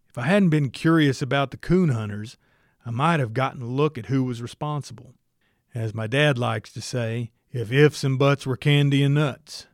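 A man's voice: mid-range voice, darkish tone, no room sound. A man narrating a story in the first person, with a wry, dry storytelling manner. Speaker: audiobook narrator.

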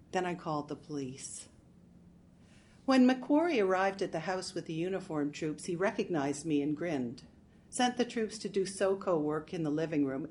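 Woman narrator, somewhat low voice, wry first-person mystery reading. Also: a little mellow, a little hiss or hum. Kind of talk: storytelling narration.

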